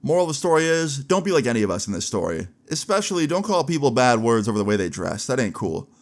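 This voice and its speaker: A man's voice: medium pitch, sing-song, fast. A young man casually telling a story from his school days, slangy and laid-back, often adding "like" and "right?". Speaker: storyteller vlogger. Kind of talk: casual story-time narration.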